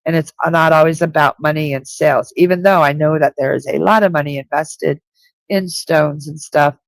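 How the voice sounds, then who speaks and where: A woman's voice: low voice, steady tone, moderate pace, vocal fry, no echo. A woman giving intuitive readings on a live stream, speaking directly and reassuringly and repeating her key points. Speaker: psychic reader.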